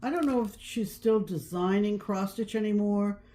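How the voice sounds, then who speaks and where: A woman's voice: medium pitch, moderate pace, mellow. A woman co-hosting a casual crafting podcast, talking in a rambling way with frequent ums and restarts. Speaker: podcast co-host. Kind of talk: casual chat about cross-stitch.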